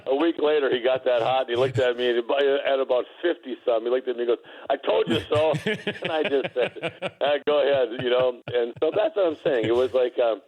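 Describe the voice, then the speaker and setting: A man's voice: mid-range voice, fairly quick, a little mellow, rough recording. A middle-aged man, a former basketball player, telling laughing anecdotes in a casual interview, with lots of restarts.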